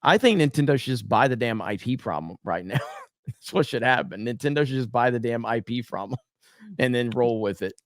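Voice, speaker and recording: A man's voice: medium pitch, expressive, a little fast, no echo, clean studio sound. A man hosting a casual podcast chat, talking in loose, rambling sentences full of "like" and "kinda".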